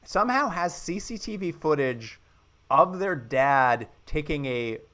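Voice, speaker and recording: A man co-hosting a podcast, casually recapping a movie and acting out quoted lines with lively energy. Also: fairly high pitch, a little slow. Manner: animated retelling, acts out quoted lines. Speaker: podcast co-host.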